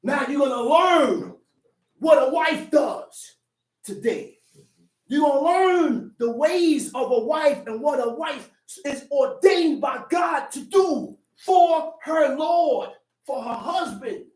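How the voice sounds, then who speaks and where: A man with a strikingly high voice gives a Sabbath teaching in a streetwise, conversational way, punching points home with sudden shouts. The mic sits some way off, and the room throws back a lot of echo. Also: lively intonation, slow pace. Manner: emphatic, with sudden shouted bursts. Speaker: religious teacher. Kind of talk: Sabbath teaching to a small group. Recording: echoey room, distant mic.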